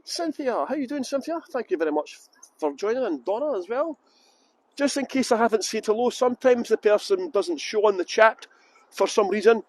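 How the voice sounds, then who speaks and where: A man's voice: high voice, lively intonation, normal speed, darkish tone, no echo. A middle-aged tour guide chatting casually on a livestream outdoors in a busy city, joking and rambling as he greets viewers by name into a handheld phone.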